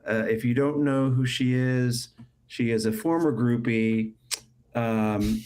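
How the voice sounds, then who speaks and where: A man co-hosting a live stream, slightly congested from a cold, talking in a relaxed way with crude humor. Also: mid-range voice, slow pace. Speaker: co-host of a live show. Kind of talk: casual live-stream chat.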